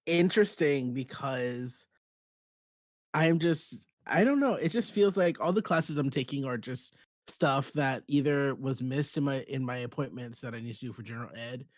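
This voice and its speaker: A young man co-hosting a podcast in casual chat, telling animated stories, acting out quotes and swearing freely. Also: medium pitch, moderate pace, no echo, studio quality. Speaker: podcast co-host.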